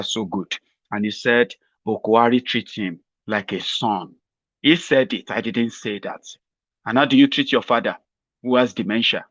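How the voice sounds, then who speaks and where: A man's voice: mid-range voice, fairly bright tone, no echo, lo-fi sound. A Nigerian man hosting a mocking political commentary vlog, rambling sarcastically and laughing at his own jokes.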